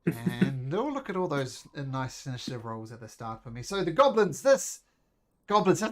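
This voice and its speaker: Animated man running a tabletop game. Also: mid-range voice, moderate pace, a little hiss or hum. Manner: animated, breaks into goblin voices, counts out movement. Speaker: game master. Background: faint music.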